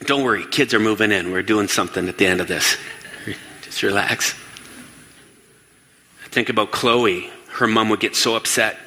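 A man speaks to an audience with energy and a bright, forceful tone. He fires questions at the room and slips into quoted voices to act them out. His voice rings with the long reverb of a large hall. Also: lowish voice, brisk, few pauses. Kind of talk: lively stage talk.

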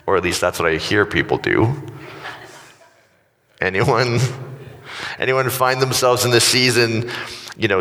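A middle-aged pastor preaches in a church hall, telling self-mocking stories in a casual, joking way. His voice sits low with a bright, forceful tone, and the hall adds long reverb.

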